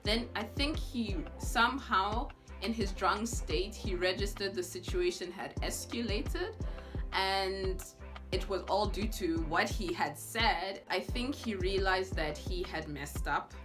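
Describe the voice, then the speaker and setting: A young woman telling a personal story in a vlog, expressive, acting out what others said with gasps and laughs. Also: mid-range voice, takes it slowly. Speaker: vlogger. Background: background music.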